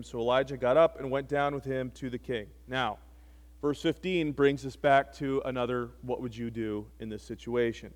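A man preaching a sermon, retelling scripture with animated, wry storytelling asides. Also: mid-range voice, normal speed. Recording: long hall reverb.

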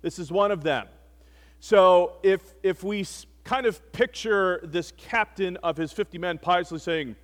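A man preaching a sermon, retelling scripture with animated, wry storytelling asides. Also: a little high, measured pace. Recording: long hall reverb.

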